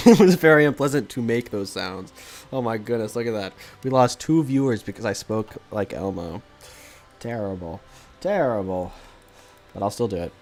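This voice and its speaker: A man streaming a strategy game, chatting with viewers in a rambling, self-deprecating way with lots of hesitations into a desk microphone. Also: fairly low pitch. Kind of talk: casual live-stream chat with viewers.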